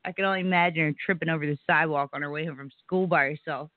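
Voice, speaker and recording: A woman's voice: deep voice, steady tone, rapid-fire, no echo. A woman co-hosting a casual talk show, talking about her daughter with wry, sarcastic banter. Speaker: co-host. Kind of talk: casual podcast chat. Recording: tinny phone-like sound.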